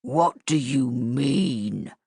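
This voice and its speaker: A woman voicing a playful father who puts on a slow, growling monster voice for his daughters. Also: very deep voice, animated, creaky, warm tone, breathy edge, no echo, studio quality, voice pushed down, full character voice. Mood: growly playful.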